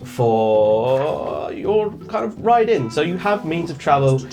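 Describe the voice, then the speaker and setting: A man's voice: on the high side, very animated, music in the background. A man narrating as game master of a tabletop role-playing game, describing scenes and voicing characters. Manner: unhurried descriptive narration, drops into character voices.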